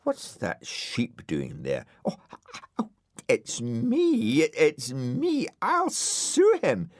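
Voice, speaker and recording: A man's voice: deep voice, big pitch swings, a little slow, no room sound, studio quality, full character voice. A man voicing a grumpy, pompous male dog in a storybook, sulky and indignant. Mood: outraged. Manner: indignant, sulky, grandly aggrieved. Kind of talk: audiobook character voice.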